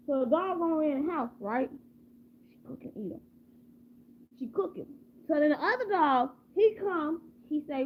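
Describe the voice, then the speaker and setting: A woman's voice: sits high, expressive, normal speed. A woman improvising a rambling, repetitive story casually and asking her listeners questions. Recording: tinny phone-like, faint hum.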